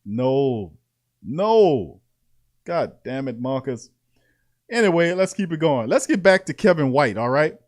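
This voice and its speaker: A man hosting a casual sports talk show, reading out practice notes and reacting with animated, laughing commentary. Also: medium pitch, measured pace. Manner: animated, laughing, repeating lines for emphasis.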